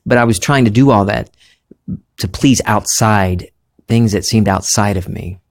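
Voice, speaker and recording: Male podcast host, faint Southern accent, lower voice, earnest and musing spiritual monologue. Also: measured pace. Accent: slight Southern American. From American South. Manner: earnest, musing, thinks aloud.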